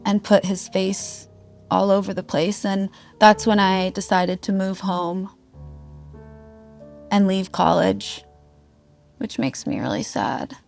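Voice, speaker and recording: Gravelly-voiced woman telling a raw story. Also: medium pitch, steady tone, takes it slowly, long pauses, darkish tone, faint music behind. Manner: raw, heartfelt, swears freely. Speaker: guest musician. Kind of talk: candid personal storytelling.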